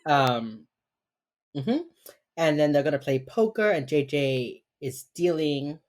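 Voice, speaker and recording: A woman's voice: low-pitched, animated, slow pace, a little mellow. A woman co-hosting a podcast, rambling through a TV episode recap, swearing casually and laughing often. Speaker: podcast co-host.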